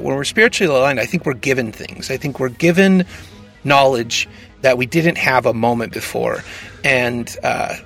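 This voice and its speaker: A man co-hosting a podcast in loose, joking chat, his voice gravelly and a little husky. He swings his pitch around a lot and talks with a bright, forward edge. Faint music plays underneath. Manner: joking, animated, self-mocking. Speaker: podcast co-host introducing calls.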